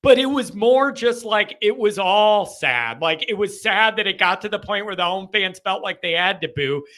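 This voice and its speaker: Bright high-voiced male host. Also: lively intonation, normal speed. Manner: frustrated, rambling, hesitant restarts. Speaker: podcast host. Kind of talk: live call-in chat.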